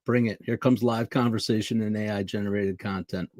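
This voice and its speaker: A man's voice: fairly low pitch, fairly even intonation, fairly quick, darkish tone, no room sound, clean studio sound. A man co-hosting a casual live stream who speaks in an emphatic, hype-driven way.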